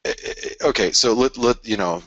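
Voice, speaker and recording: A man hosting a live forex show, walking through price charts in an animated, restless way, often restarting sentences and arguing with imagined viewers. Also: medium pitch, moderate pace, dry recording, highs cut off. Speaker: forex market show host. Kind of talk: live trading chart analysis.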